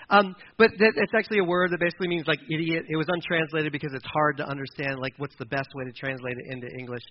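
Brief: male preacher, slightly high voice, casual sermon, acts out quotes; muffled lo-fi recording. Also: expressive, fast talker. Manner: conversational, acts out quoted voices, fillers like "kinda" and "like". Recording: dull lo-fi recording with faint noise.

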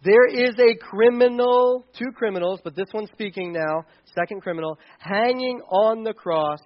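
A man's voice: high voice, normal speed, lo-fi sound. A man preaching a sermon as pastor, talking in a conversational way and often restarting his sentences.

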